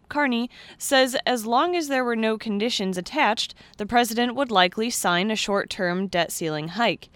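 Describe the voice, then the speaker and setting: A woman anchoring a radio farm news program, reading the stories in a steady, measured way. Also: on the high side, no echo. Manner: steady, measured newsreader delivery.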